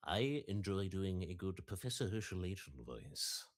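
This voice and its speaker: A man voicing a refined, gentlemanly male professor who speaks in a measured, courteous way. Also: low voice, expressive. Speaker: guest voice impressionist.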